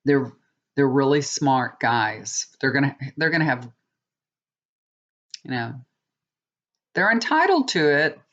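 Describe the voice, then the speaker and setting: A woman's voice: a bass voice, big pitch swings, slow pace, long pauses, fairly bright tone, dull audio. A woman giving a tarot reading in a casual, rambling monologue, often checking in with viewers. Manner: chatty, rambling with many restarts, asks viewers "okay?". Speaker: tarot reader.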